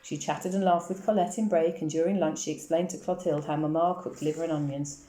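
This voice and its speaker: Woman reader, low mellow voice, quick steady storytelling, roomy echo. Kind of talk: reading a novel aloud. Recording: echoey room.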